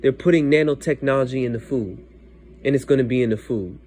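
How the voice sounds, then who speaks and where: A man voicing a calm divine voice that speaks to a dreamer, giving a solemn pronouncement. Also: mid-range voice, a little fast, close to an everyday voice.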